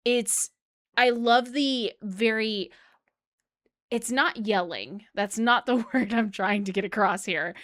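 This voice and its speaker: A woman's voice: a little high, steady tone, measured pace, a bit bright, no echo, clean studio sound. Chatty woman reacting to music. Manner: chatty and enthusiastic, hums out rhythms. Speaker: music reaction YouTuber and flutist. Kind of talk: casual music reaction commentary. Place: at home. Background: faint music playing.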